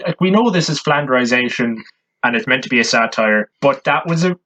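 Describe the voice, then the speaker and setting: A man's voice: medium pitch, animated, a little fast, sharp tone. A young Irish man co-hosting a podcast, chatting casually about a film with wry, dry asides. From Ireland. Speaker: podcast co-host. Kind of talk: casual film review chat.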